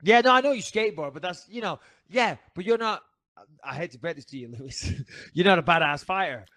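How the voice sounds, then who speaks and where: A man's voice: high voice, animated, fairly quick, a bit bright, no echo. A middle-aged man with a Northern English accent, co-hosting a casual podcast chat and telling profane, joking stories. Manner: profane, storytelling banter. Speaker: podcast co-host.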